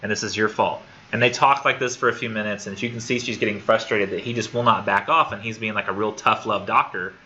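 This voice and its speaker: A fairly low-pitched man with a bright, forward tone leads a relaxed classroom discussion. He rambles a little, repeating words while he works out his thoughts. The recording is dull and lo-fi, with a faint hiss under it. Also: fast, few pauses. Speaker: college literature instructor.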